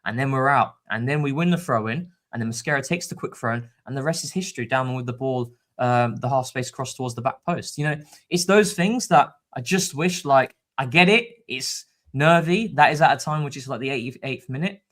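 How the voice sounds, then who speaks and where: Casting note: man, animated fan-show co-host, mid-pitched, quick to laugh. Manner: animated, excitable, laughs often. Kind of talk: casual live-stream chat.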